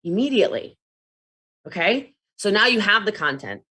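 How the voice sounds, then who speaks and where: Bright, animated woman trainer. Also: mid-range voice, husky. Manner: fast, animated, jumps between demos and asides. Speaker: network marketing trainer. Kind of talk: energetic training talk.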